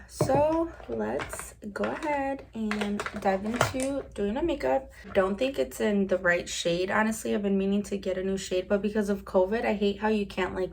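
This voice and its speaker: Young woman, beauty vlogger, casual candid chat, rambling, mid pitch, faint background hum. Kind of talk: casual chat while doing makeup.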